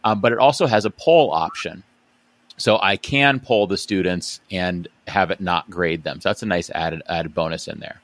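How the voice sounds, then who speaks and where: Deep-voiced man podcast host. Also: moderate pace, no room sound. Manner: relaxed, reads website text aloud. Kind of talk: casual podcast conversation.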